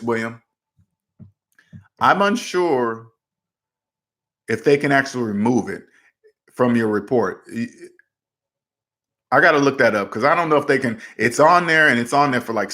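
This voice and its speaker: A man with an average-pitched voice hosts a livestream and answers viewer questions about debt. He talks in a direct, emphatic way and often repeats words as he pushes his point. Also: fairly bright tone. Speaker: debt advice host.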